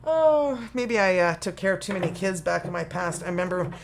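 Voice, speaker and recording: Chatty Canadian woman, lowish voice. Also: steady tone, fast talker, gravelly, noisy background. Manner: chatty and folksy, full of "you know" and "okay". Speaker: tarot reader. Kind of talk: casual tarot reading to camera.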